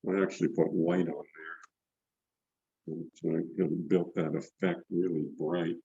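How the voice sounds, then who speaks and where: With a flat delivery at a measured pace, an older man leads a rambling painting demonstration over a video call from his indoor studio, repeating words as he paints. His low voice is creaky, warm, and husky. The call mic yields dull audio with no room sound.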